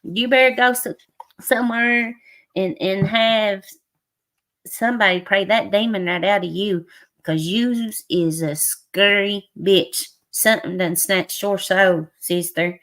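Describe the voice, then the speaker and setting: A woman's voice: mid-range voice, fairly even intonation, slow pace, a bit bright. A woman in her forties with a Southern US accent, chatting bluntly and profanely on a livestream. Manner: blunt, profane, dialect-heavy ranting. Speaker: livestream co-host. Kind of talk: casual livestream chat.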